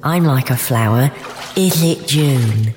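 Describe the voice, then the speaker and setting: A woman playing a low, mopey student. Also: takes it slowly, noisy background. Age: young adult. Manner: deadpan, mournful and awkward. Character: mopey, self-pitying female university student. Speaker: comedy sketch performer. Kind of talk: comedy sketch acting.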